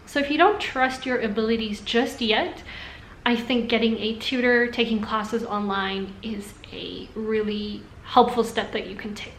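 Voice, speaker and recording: A young woman chatting to camera about language learning, upbeat and quick to laugh. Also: a little high, a bit bright, reverberant, slight background noise. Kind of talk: casual talk to camera. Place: room indoors in Singapore during a thunderstorm.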